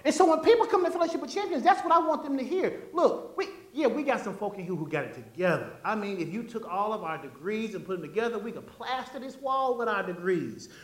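A pastor preaching a sermon in a church, animated and folksy, calling out to the congregation. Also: mid-range voice, fast talker, few pauses. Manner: animated, call-and-response preaching; folksy, conversational asides. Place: church sanctuary. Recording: echoey church room.

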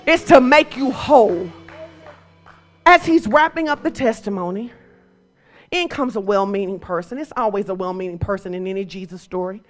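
A woman preacher delivering a sermon, moving from quiet storytelling to shouted exhortation. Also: medium pitch, brisk, faint music behind.

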